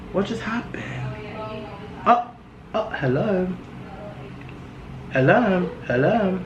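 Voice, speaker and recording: A woman hosting her own podcast in a casual, loud, profane and gossipy way. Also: lowish voice, expressive, slow, long pauses, highs cut off. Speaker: podcast host. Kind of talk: casual solo podcast chat. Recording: echoey room with faint background noise.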